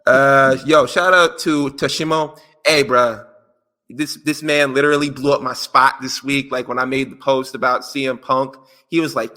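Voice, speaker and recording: A man's voice: mid-range voice, fairly even intonation, normal speed, pushed and bright. A man co-hosting a podcast in casual chat, reading out listener answers in a joking, slangy, playful way. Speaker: podcast co-host.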